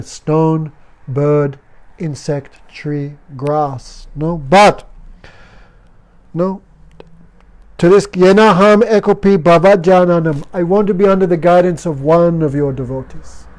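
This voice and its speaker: A man's voice: a little high, warm tone. Man giving a devotional class in broken English. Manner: simple broken English, chants verses. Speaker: spiritual teacher.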